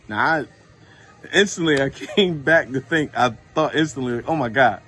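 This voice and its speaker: A man casually telling true faith stories, informal and lively when he retells what people said. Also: on the high side, normal speed. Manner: informal, animated when retelling dialogue, many fillers. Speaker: Christian storyteller. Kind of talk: casual testimony to a phone camera.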